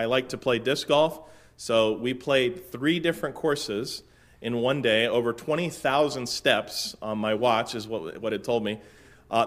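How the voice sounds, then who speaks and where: A middle-aged man from Florida, a pastor telling a relaxed story from the pulpit with dry humor and lots of fillers. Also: medium pitch. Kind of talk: casual sermon-opening story.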